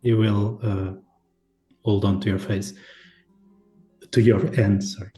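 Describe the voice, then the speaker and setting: A man's voice: fairly low pitch, little pitch movement, takes it slowly, warm tone, soft background music. A man improvising in character at a tabletop game, rambling and apologetic, swearing casually. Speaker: tabletop role-play participant voicing a character. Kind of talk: in-character improvised role-play.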